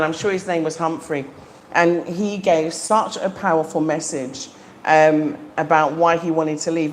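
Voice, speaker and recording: Woman, middle-aged, live-stream host; eager, casual, lots of ums, lowish voice, faint background noise. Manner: chatty and enthusiastic, frequent ums. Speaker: livestream host. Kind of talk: casual live chat to viewers. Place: home in the Gambia.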